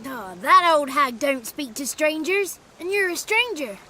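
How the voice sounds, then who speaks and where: A cheeky little swamp sprite. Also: female voice, sits high, animated, unhurried, sharp tone, a little hiss or hum, heavily acted. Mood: sly. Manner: chatty, cheeky, pleading. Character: small mischievous male swamp sprite, cheeky. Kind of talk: video game cutscene acting.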